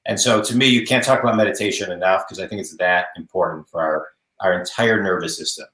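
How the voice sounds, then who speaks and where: A man's voice: sits low, fast talker, pushed and bright. A man hosting an interview, chatting earnestly over a video call. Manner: earnest, with frequent restarts and fillers. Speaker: host. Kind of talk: casual interview chat. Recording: echoey room.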